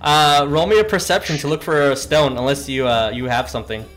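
Halting game master, many ums. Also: male voice, fairly high pitch, a bit bright, faint music behind. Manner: halting, many fillers, laughs often. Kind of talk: narrating a tabletop game.

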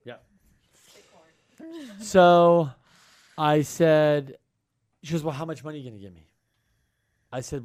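A man telling a story in casual chat, acting out both sides of a conversation with a tenant. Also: mid-range voice. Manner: animated storyteller, acts out both sides of dialogue. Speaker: co-host telling a property management story.

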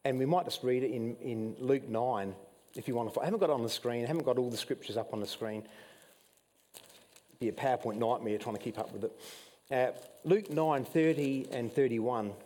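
An Australian man preaching a sermon as pastor, telling Bible stories with mounting excitement and some emotion. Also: fairly quick, in a large hall. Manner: animated storytelling preacher, rising pitch when excited, admits getting emotional. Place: church hall.

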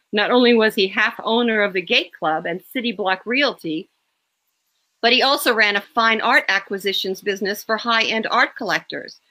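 Author reading her own romance aloud, woman, bright, expressive. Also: medium pitch.

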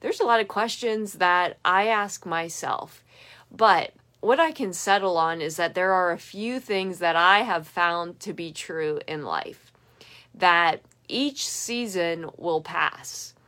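A young adult woman giving an earnest, emphatic devotional reflection that speeds up and slows down. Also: on the low side, lively intonation, pushed and bright. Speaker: devotional podcaster.

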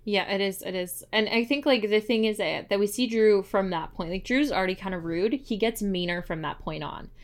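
A woman's voice: mid-range voice, brisk, hardly any pauses. Woman co-host, mid-range voice, chatty rambling recapper for a podcast. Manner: rambling, lots of "like" fillers. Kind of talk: casual recap chat.

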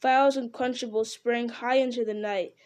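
Lady reading a story out loud, measured, dramatic, a little high. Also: fairly even intonation. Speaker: narrator. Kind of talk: audiobook reading.

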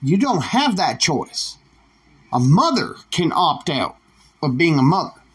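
Male podcaster, husky slow drawl, blunt and cussing. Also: on the high side, very animated, fairly bright tone. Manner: profane, blunt, defiant. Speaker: podcast host. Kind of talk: solo opinion rant.

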